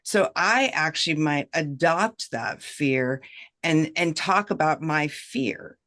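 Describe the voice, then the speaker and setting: A woman who works as a professional negotiator, a guest on a video-call chat, speaking in a measured, reflective way and checking in often with "right?". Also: deep voice, lively intonation, fairly bright tone. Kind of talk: casual chat, giving advice.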